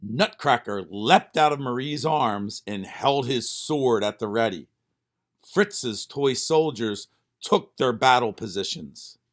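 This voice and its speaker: A man reading a children's storybook aloud with expressive narration. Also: mid-range voice, slow. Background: faint music.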